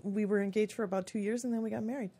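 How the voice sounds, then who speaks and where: A woman in her fifties, a radio show guest, telling her own story in a chatty, expressive way and acting out quoted lines. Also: mid-range voice, racing, slightly rough. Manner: chatty and expressive, acts out quotes in lively voices.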